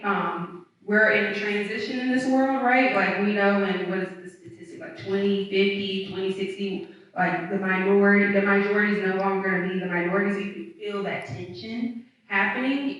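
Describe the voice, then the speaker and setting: A woman's voice: mid-range voice, fairly bright tone, distant mic. A woman from the American South, a footwear designer on a panel, answering students in an emphatic, unapologetic way with many fillers. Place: university hall before a live audience. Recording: echoey hall, mic from afar.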